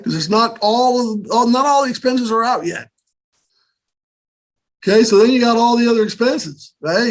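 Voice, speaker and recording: An older man giving a casual business workshop on finances, talking conversationally and checking in often with "okay?" and "right?". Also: a little high. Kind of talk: casual instructional talk.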